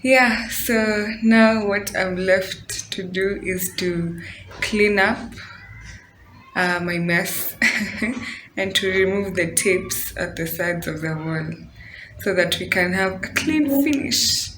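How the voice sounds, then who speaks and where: A woman from Kenya chatting casually through a home DIY vlog, excitable and laughing at her own mess. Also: medium pitch, slow pace, slight background noise. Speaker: DIY vlogger. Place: indoor room at home. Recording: roomy home audio with faint background.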